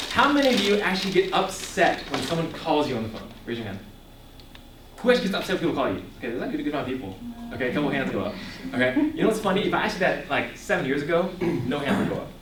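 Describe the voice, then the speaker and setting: A young man giving an animated ministry talk to a young audience, asking the room questions and laughing often. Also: on the high side, far from the mic, slight background noise. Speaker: ministry speaker. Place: echoey room before a live audience. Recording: echoey room, voice picked up from afar.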